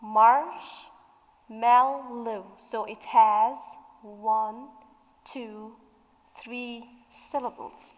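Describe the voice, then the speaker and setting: A woman English teacher going through a revision worksheet, stretching out example words slowly as she explains. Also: sits high, big-room sound, poor audio.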